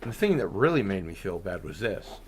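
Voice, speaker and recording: A man's voice: low-pitched, very animated, fairly quick, a little hiss or hum. A man hosting a casual livestream panel, telling rambling stories in a chatty, self-deprecating way. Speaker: stream host.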